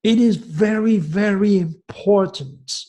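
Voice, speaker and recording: A man in his sixties from France, giving an agitated, preachy monologue that swings from loud outbursts to hushed asides. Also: high voice, slow. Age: 60s. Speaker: astrologer host. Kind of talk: impassioned monologue.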